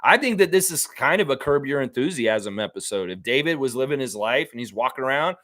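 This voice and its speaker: A man's voice: brisk, no room sound. A man hosting a basketball fan live stream, chatting casually, reading viewer comments and ranting with the odd swear. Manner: animated, jumps into high-pitched mock voices when quoting people.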